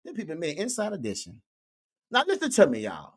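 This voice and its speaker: A man's voice: a little high, wildly swooping pitch, a little fast, husky. A man doing comedic social media commentary in a preachy way, repeating catchphrases to his viewers. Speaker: online commentator.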